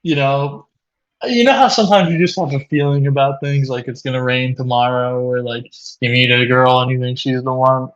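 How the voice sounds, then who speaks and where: A man co-hosting a comedy video, telling an absurd confession with mock seriousness, often laughing and shouting out quoted lines. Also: mid-range voice, steady tone, normal speed, lo-fi sound. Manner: laughing through absurd confessions, breaking into loud acted quotes. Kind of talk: deadpan mock apology, improvised comedy. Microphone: video call.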